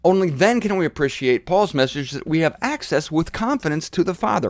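A man's voice: a little high, lively intonation, brisk, few pauses, no echo. Emphatic man preaching with blunt repetition. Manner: forceful, repeats phrases for emphasis, blunt and provocative. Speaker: host of a daily Bible teaching show. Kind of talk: emphatic Bible teaching monologue.

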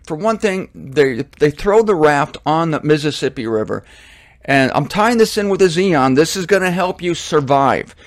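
Man, middle-aged, casual monologue host, rambling asides, fairly high voice, dry recording. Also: moderate pace, dry recording. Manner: rambling, self-correcting, animated asides.

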